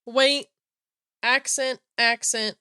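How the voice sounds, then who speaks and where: Animated, jokey young woman co-host with a slightly raised pitch, dry close mic. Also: drawn-out words, smooth, no echo. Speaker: podcast co-host. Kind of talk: casual chat.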